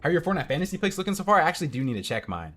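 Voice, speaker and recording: A man's voice: on the high side, very animated, very fast, fairly bright tone. A young man streaming from home into a headset mic, casually commenting on a match and answering chat. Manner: chatty, reads out and answers chat.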